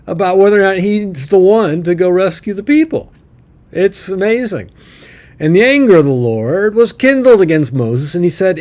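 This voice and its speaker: A man's voice: high-pitched, expressive, moderate pace, darkish tone. A man teaching through a Bible passage, reading old-fashioned verses aloud and adding folksy, chuckling asides in a casual commentary style.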